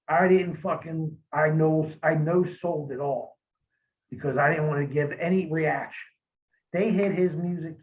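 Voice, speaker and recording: Man, higher pitch, swears a lot, rambles through anecdotes over a tinny phone-like line. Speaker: interview guest, former pro wrestler. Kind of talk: casual storytelling.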